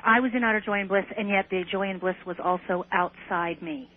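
A woman's voice: medium pitch, fairly even intonation, a little fast, slight background noise. A woman guest in an interview, earnestly recounting a personal experience with some hesitant restarts. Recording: tinny phone line on radio.

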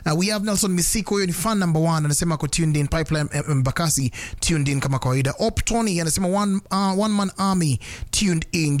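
A man with a Kenyan accent hosting a radio show in a lively, teasing way, rattling off listener names and phone numbers. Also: fairly high pitch, no echo. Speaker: radio host. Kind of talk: casual radio chat with listener shout-outs.

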